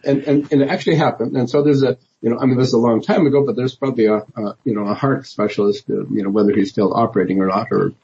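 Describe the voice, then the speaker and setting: A man's voice: medium pitch, fairly even intonation, fast talker, vocal fry, hardly any pauses, a little mellow, breathy edge, lo-fi sound. A man, a politician guest in an interview, telling his story in a rambling way with many restarts and fillers. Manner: rambling, many restarts and "you know", laughs often.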